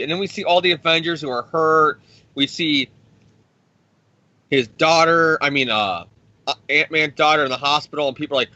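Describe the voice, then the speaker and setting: A man co-hosting a podcast, recapping a comic book in a rambling, profane, excitable way. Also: a little high, moderate pace, no echo. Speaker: podcast co-host. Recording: dry, dull lo-fi sound.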